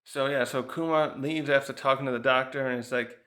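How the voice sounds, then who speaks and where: A man talks through a manga chapter in a loose, conversational way. He wanders from point to point, thinking aloud, and often breaks off a sentence to start it again. His voice sits at an ordinary middle pitch. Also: steady tone, fairly quick, hardly any pauses, fairly bright tone. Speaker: manga reviewer. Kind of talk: casual review commentary.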